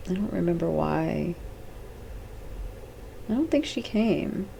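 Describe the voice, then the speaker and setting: Low, gravelly-voiced chatty woman. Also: lively intonation, slow pace, dark tone, a little hiss or hum. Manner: rambling, chatty, acts out characters' lines with "she's like"; blunt and swears casually. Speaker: host. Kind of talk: off-the-cuff video commentary.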